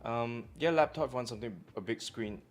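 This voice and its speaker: A man's voice: mid-range voice, fast talker. Joking Malaysian man hosting a chat show. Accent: Malaysian English. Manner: joking and teasing, loud bursts, slang particles like "lah". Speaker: show host. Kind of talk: casual live-stream chat.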